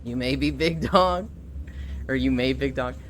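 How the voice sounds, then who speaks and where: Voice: mid-range voice, a little slow, a bit bright, a little hiss or hum. A live streamer chatting casually with viewers, laughing often and reading chat messages aloud.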